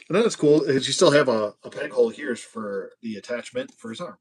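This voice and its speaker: Man, mid-pitched, casual livestream chatter, jokey, talks to himself. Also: expressive, a little fast, hardly any pauses, breathy edge. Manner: hushed whispering at times. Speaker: toy collector host. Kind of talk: casual livestream toy build.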